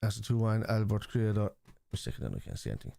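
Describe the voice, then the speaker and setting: A man with a Liverpool accent hosting a football watchalong stream, rambling and reading chat messages aloud, quick to scoff at critics. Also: fairly low pitch, big pitch swings, vocal fry, dark tone, no echo. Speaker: live-stream watchalong host. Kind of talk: casual live-stream chat.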